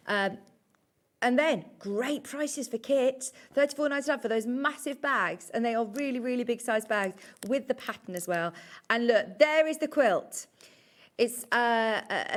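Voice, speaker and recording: A woman presenting live on a shopping channel, chatty and gushing as she talks through products. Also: on the high side. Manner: gushing, chatty, upbeat sales patter. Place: TV studio.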